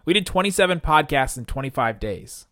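A man hosting a sports podcast, talking in a relaxed way and laughing often. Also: on the high side, a little fast, no room sound, studio quality. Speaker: podcast host. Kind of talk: casual podcast chat.

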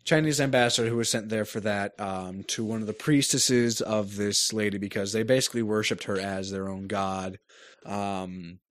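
A man's voice: lowish voice, steady tone, normal speed. A man in casual chat, describing a game at length and searching for words. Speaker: podcast co-host reviewing a game.

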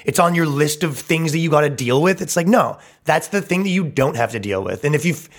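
A man's voice: a little high, expressive, brisk. A man hosting a comedy podcast, ranting in a brash, mocking and profane way. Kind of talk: crude ranting podcast talk.

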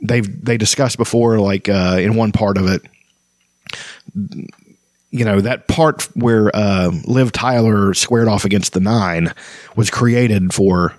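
A man's voice: lowish voice, steady tone, slow, no echo. A man hosting a casual book chat, rambling with restarts and reading passages aloud. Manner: rambling, many fillers and restarts, reads quotes aloud. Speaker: book discussion host. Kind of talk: casual chat about fantasy books.

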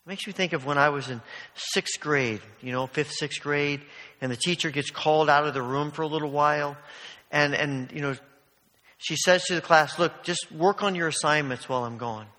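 A man's voice: on the high side, moderate pace, sharp tone. A man preaching a sermon in a church, telling stories in a conversational way full of asides. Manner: storytelling, conversational, many asides. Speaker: pastor. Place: church sanctuary. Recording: long hall reverb.

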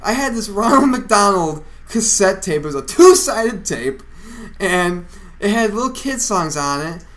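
A young man co-hosting a podcast, chatting casually and telling animated stories, shouting when he quotes people. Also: high voice, unhurried. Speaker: podcast co-host. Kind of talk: casual chat.

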